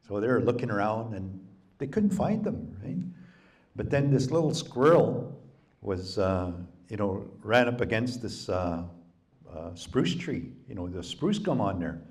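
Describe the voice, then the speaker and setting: A male storyteller with a low voice, relaxed and folksy, telling traditional tales to a live audience. He rambles warmly along, dropping frequent asides as he goes. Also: a little slow. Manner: folksy, relaxed, many "you know"s. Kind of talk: oral folk storytelling. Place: public library event.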